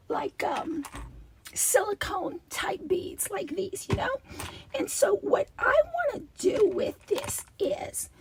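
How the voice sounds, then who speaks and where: A hoarse woman with a raspy, double-toned voice hosts a casual craft unboxing vlog. Her pitch sits very high and swings up and down a lot, and she talks slowly, gushing with breathy half-whispered asides. The mic picks her up from a bit of a distance. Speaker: craft channel host.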